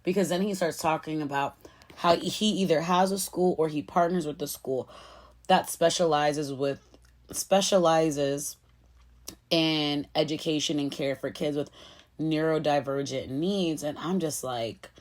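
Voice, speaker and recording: A woman chatting casually to her viewers as she recaps a reality show, lively and familiar, calling them y'all and girl. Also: sits low, unhurried.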